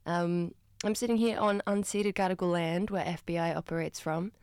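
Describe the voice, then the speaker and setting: A woman's voice: on the low side, steady tone, normal speed, darkish tone, clean tone, no echo, studio quality. A woman hosting breakfast radio, talking in a chatty, self-deprecating way full of rambling asides. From Australia. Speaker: radio host. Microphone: studio microphone.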